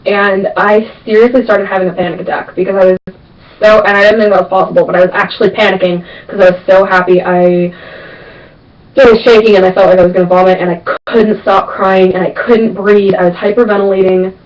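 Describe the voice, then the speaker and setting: A woman's voice: mid-range voice, steady tone, fairly quick. Chatty young woman on a lo-fi webcam. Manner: chatty and emphatic, repeats words for stress. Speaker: vlogger answering viewer questions. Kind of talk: casual Q&A vlog. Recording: distant, dull lo-fi webcam sound.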